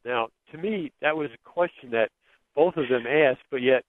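A man's voice: medium pitch, normal speed, no echo. A man calling in to a radio show, asking a long, rambling question with hesitations. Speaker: caller. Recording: dry, tinny phone line.

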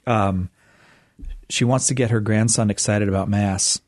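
A middle-aged man hosts a radio call-in show with a somewhat low voice. He talks in a loose, halting way, full of fillers and restarts, his pitch jumping up when something excites him. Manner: hesitant, many fillers, rises in pitch when animated. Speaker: radio host. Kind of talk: casual radio chat.

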